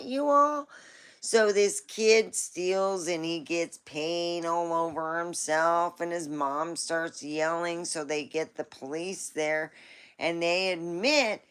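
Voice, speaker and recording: A woman's voice: on the low side, fairly bright tone, smooth. A woman hosting a live stream, chatting casually in a rambling, folksy storytelling way.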